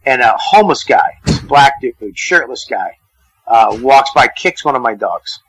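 A man's voice: mid-range voice, unhurried, no echo, poor audio. A man, a comedian guest, telling profane stories in a casual radio chat. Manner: profane, animated storyteller. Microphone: phone call-in.

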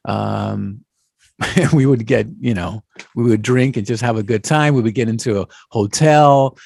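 A man in his fifties chatting casually and rambling about the old days, with a gravelly, slightly husky voice and animated bursts. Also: mid-range voice, measured pace, no echo, clean studio sound. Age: 50s. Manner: animated, rambling, slips into Spanish exclamations. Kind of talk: casual chat.

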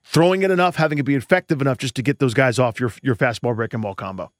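A man's voice: medium pitch, fast talker, dry recording, clean studio sound. A man co-hosting a baseball podcast, talking through his views in a thoughtful, rambling way. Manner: thoughtful, rambling analysis with restarts. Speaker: podcast co-host. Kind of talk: casual sports talk.

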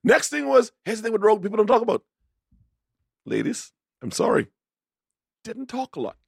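Excitable male co-host, slightly high, husky voice. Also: moderate pace, no echo, clean studio sound. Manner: excitable storyteller, profane. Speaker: podcast co-host. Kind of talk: casual banter.

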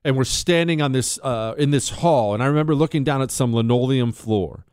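A middle-aged radio talk show host from Montana speaks fairly quickly in a smooth, mid-range voice, recorded dry and clean in a studio. He tells a personal story in a storytelling monologue, wry and conversational, and turns animated when shouting drill instructor lines.

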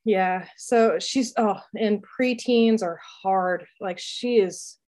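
A woman in her thirties talks in a loose, chatty way, padding her sentences with fillers. Her voice sits at a middling pitch, and she breaks into laughter often. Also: slow pace, a little mellow. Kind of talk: casual chat.

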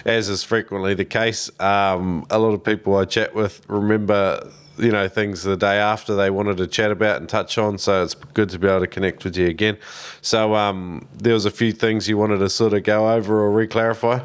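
A man with a fairly low voice runs a relaxed interview, friendly and hesitant, leaning on ums as he checks in with his guest. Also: normal speed, clear, resonant tone. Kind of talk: casual interview.

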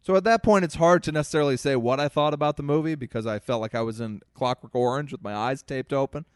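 A man in casual podcast chat with a smooth, resonant voice, recorded close and dry. He tells stories at length, swears freely and turns to the listeners as folks. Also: mid-range voice, fast talker, dry recording. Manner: profane, storytelling, addresses listeners as folks. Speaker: podcast co-host.

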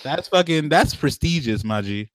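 A man's voice: a little high, expressive, normal speed, no room sound. A man co-hosting a podcast, talking in profane, slangy, joking banter. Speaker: podcast co-host. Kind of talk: casual chat.

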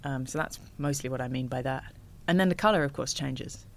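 A woman, an ocean rower, telling stories as a guest in a casual interview, animated and laughing often. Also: rumbling low, a little fast, gravelly, slight background noise.

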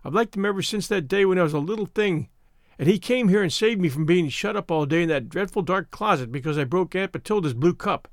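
A man's voice: sits high, animated, brisk, no echo, studio quality. A man voicing an earnest, loyal young girl in an audiobook. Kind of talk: audiobook reading.

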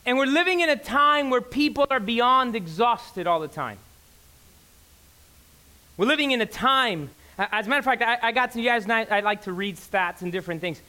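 A man in his thirties preaching a sermon in church, emphatic and excitable, repeating phrases for effect. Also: very high-pitched, normal speed. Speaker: pastor. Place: church sanctuary.

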